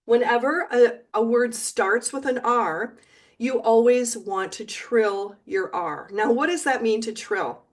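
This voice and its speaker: A woman teaching Spanish pronunciation in a video lesson, speaking clearly and encouragingly. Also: on the high side. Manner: slow, clear, encouraging, sings syllables.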